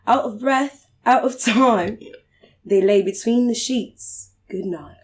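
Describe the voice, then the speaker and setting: A woman reading a sensual poem aloud in a put-on British accent, slow and hushed. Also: a little high, a little hiss or hum. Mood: sultry. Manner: slow, hushed, drawn-out delivery. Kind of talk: poetry reading.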